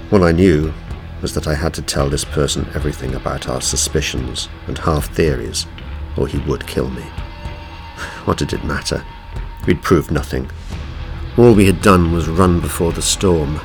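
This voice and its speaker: Brief: deep-voiced male audiobook narrator, steady pace. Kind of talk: first-person audiobook narration.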